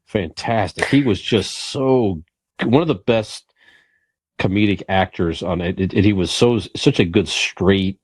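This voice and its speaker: A man's voice: low-pitched, a little slow, husky, dry recording. A man co-hosting a podcast in casual chat, enthusiastic and rambling with restarts. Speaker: podcast co-host.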